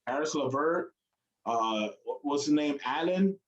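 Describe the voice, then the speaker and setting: A man's voice: on the high side, expressive, measured pace, muffled recording. A man co-hosting a casual sports chat, rambling and hesitant, often fumbling for names. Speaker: co-host. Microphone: streamed call mic.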